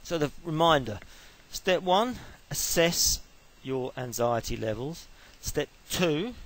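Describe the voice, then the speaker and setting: A man's voice: medium pitch, a bit bright, poor audio. A middle-aged man giving an informal lecture on sport psychology, chatty and explaining step by step with everyday examples.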